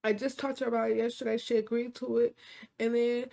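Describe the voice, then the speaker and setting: A woman's voice: a little high, level tone, quick pace, vocal fry, dark tone. A woman quoting a cheating husband in her own storytelling voice, pleading and shifting blame. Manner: pleading then blaming.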